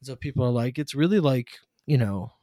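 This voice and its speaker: A man's voice: mid-range voice, expressive, fairly quick, mellow, no room sound. Chatty enthusiastic man, dry sound. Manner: chatty, enthusiastic, rambling with fillers. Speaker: podcast co-host. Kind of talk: casual movie discussion.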